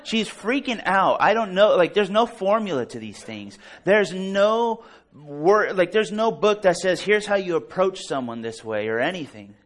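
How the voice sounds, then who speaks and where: A preacher telling an animated, self-deprecating story during a church service. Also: male voice, high-pitched, moderate pace, few pauses. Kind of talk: storytelling sermon.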